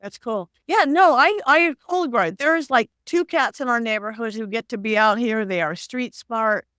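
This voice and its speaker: A woman hosting a podcast, chatting in a loose, animated way with her guest. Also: on the high side, normal speed, clean tone, dry recording, clean studio sound. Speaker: podcast host. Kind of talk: casual interview conversation.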